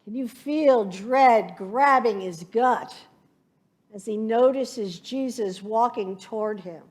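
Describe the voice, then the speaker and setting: Woman, pastor, sermon, unhurried delivery, reflective storytelling. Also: fairly high pitch. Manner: slow, reflective preaching with vivid imagined scenes.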